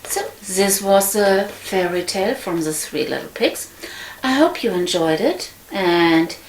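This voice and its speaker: A woman reading a fairy tale aloud in an unhurried manner, with frequent slips and restarts. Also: medium pitch, a little hiss or hum. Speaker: storyteller. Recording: echoey room.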